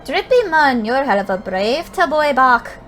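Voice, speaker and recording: A woman voicing an excitable, complaining male forest fairy in a game, with a put-on Scottish accent. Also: high-pitched, unhurried, soft background music, exaggerated voice. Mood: worked up.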